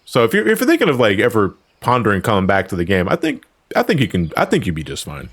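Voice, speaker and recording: A man's voice: fairly low pitch, wildly swooping pitch, fast talker, fairly bright tone, slightly rough. A man chatting casually while streaming a game, rambling with restarts and fillers and swearing freely. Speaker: streamer playing an online game. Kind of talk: casual gaming chat.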